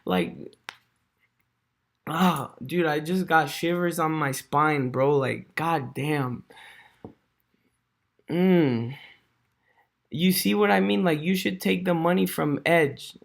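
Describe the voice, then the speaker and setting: A man's voice: on the high side, slow pace, creaky, pauses often. A man ranting casually to camera in a slangy, rambling way, full of fillers, swearing, dude and bro. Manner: rambling, restarts, chuckles to himself. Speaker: vlogger.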